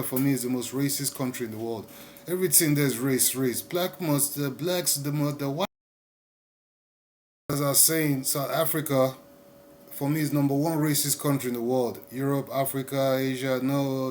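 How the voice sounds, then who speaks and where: A man speaking in a rambling monologue to his viewers. He often repeats himself and slows down to stress his points. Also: medium pitch, darkish tone, a little hiss or hum. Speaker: vlogger. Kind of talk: casual monologue to camera.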